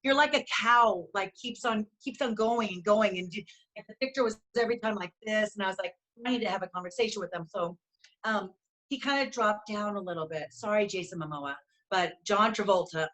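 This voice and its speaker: A woman's voice: medium pitch, fairly quick, a bit bright. A middle-aged woman co-hosting a casual talk show, telling stories in an effusive, rambling way. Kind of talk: casual chat.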